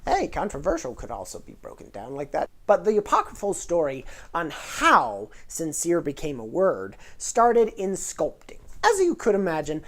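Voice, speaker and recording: A woman's voice: lowish voice, a little mellow. A woman hosting a casual educational vlog, explaining things in a playful, nerdy way. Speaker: host.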